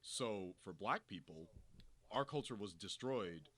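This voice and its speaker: A man's voice: on the low side, lively intonation, measured pace, a bit bright. A man co-hosting a casual film review, blunt and profane, acting out quoted voices and laughing.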